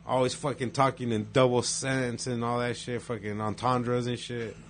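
Laid-back profane man, casual storytelling chat, mid pitch, faint hum behind. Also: little pitch movement, normal speed.

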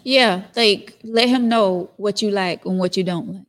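A woman's voice: medium pitch, measured pace. Woman co-host, casual chat, frank, laid-back advice-giver. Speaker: podcast co-host giving advice.

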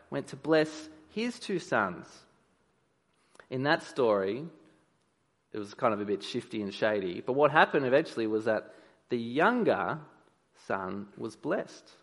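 A man preaches with lively energy, speaking directly to his listeners and often calling out to them. His voice sits at an ordinary middle pitch. It carries a long reverb from a large hall. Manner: animated, addresses the crowd directly, acts out voices. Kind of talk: lively youth sermon. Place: church hall.

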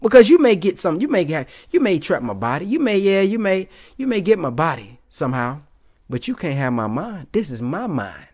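A man's voice: high-pitched, big pitch swings, brisk, darkish tone. A man giving casual motivational commentary on video clips, emphatic and slangy, often calling his listener "man".

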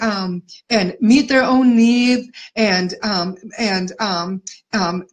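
A woman's voice: a little high, fairly bright tone, low-quality recording. A woman giving a conversational Christian teaching, earnest and encouraging as she shares personal stories. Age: adult mother of four. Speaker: Christian ministry speaker.

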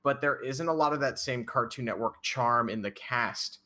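A man co-hosting a casual podcast chat, talking quickly and bluntly. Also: mid-range voice, bright, forceful tone. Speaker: podcast co-host.

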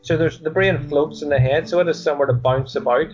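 A man's voice: a little high, fairly even intonation, fast talker, darkish tone, lo-fi sound, faint music behind. A man with a Northern Irish accent, a guest coach, explaining things earnestly in a casual interview. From Northern Ireland.

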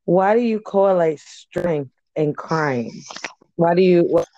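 A woman's voice: lowish voice, animated, slow pace, mellow. A middle-aged woman in a casual conversation, asking probing questions. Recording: dull lo-fi audio with faint noise.

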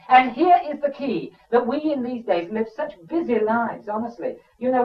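A man preaching a sermon in an emphatic, conversational way, with frequent asides to the listeners. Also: fairly high pitch. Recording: dull sound from a distant mic.

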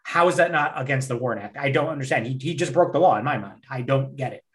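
A man's voice: medium pitch, quick pace, a bit bright. A man co-hosting a podcast, ranting heatedly in casual chat with lots of swearing. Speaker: podcast co-host.

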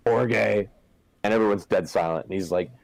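A man's voice: deep voice, brisk, dry recording, low-quality recording. A young man from Southern California in casual chat, rambling with lots of swearing and filler words.

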